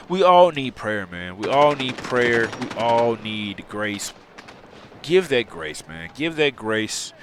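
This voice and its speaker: Man in a heartfelt vlog monologue, emotional and close to tears, pitch rising and falling a lot, gunfire noise in the background. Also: sing-song, slow pace. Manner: heartfelt, repetitive, preacherly phrasing. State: choked up. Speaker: gaming channel host.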